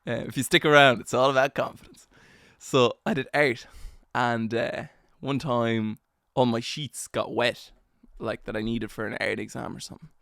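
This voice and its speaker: A man's voice: mid-range voice, fairly even intonation, normal speed, gravelly, a bit bright, dry recording, clean studio sound. A young man hosting a solo podcast, telling a story in a rambling, self-mocking way with lots of slang and fillers. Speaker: podcast host.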